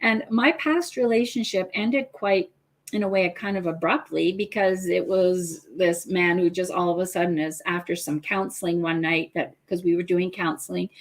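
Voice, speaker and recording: A middle-aged woman, a guest family coach, talking in a casual talk-show chat and telling a personal story earnestly and with feeling. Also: on the low side.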